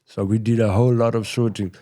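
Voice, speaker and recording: A middle-aged South African man telling his story in a casual interview, rambling and full of "you know," going quieter at tense moments. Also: lowish voice, little pitch movement, fast talker. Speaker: podcast guest.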